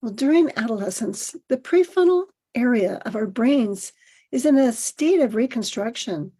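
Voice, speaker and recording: A middle-aged woman hosting a podcast, reading a personal essay aloud in a gentle, measured storytelling manner. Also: on the high side, animated, breathy edge. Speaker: podcast host.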